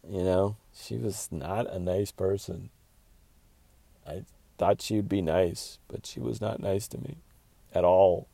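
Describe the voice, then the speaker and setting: A man's voice: low voice, a little slow, no echo, studio quality. A man hosting his own show, telling rambling, crude comedy stories in a casual monologue. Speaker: podcast host, comedian.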